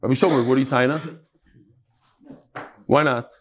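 A man teaching a Talmud class, telling stories and quoting Hebrew and Aramaic terms with lively repetition. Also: medium pitch, normal speed, a little hiss or hum. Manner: lively, sprinkles Hebrew and Yiddish terms, repeats words. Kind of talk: animated Talmud class with storytelling.

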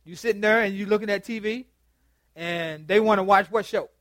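A man's voice: sits high, a little fast, a bit bright, no room sound. A man, a pastor preaching in a chatty, joking way, often stammering and repeating words as he quizzes his congregation in a church meeting room. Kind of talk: conversational sermon with open dialogue.

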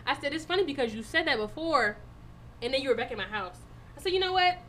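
High bright-voiced woman telling a story. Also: quick pace. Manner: animated storytelling, swearing, laughing often. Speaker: podcast co-host. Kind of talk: casual chat.

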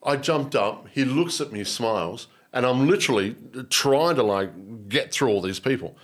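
As an interview guest, a man with an Australian accent recounts a moving personal story with earnest animation. He often repeats and restarts words, speaking at normal speed in a mid-range voice with a slightly rough quality.

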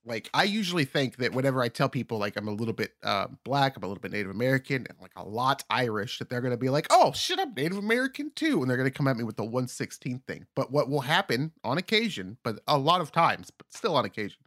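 A man's voice: medium pitch, lively intonation, fast, few pauses, fairly bright tone, no room sound, clean studio sound. A man chatting casually on a comedy podcast, rambling and acting out the voices of people he mocks.

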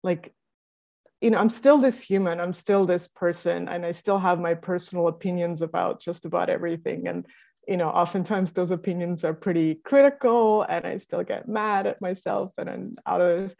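A woman in casual conversation, telling stories in an animated way and laughing often. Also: fairly low pitch, moderate pace, gravelly. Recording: muffled lo-fi audio.

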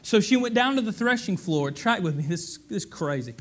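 Man, pastor, sermon, high voice, animated, conversational, rhetorical questions. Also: brisk.

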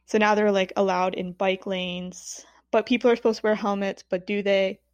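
A woman's voice: medium pitch, moderate pace, no echo, highs cut off. Wry woman in dry casual chat. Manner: relaxed, wry, swears casually. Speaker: podcast co-host.

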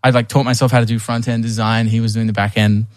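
A man's voice: mid-range voice, little pitch movement, fast talker, no echo, clean studio sound. A young man telling a long personal story in a casual podcast chat, with many restarts and fillers. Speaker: podcast guest.

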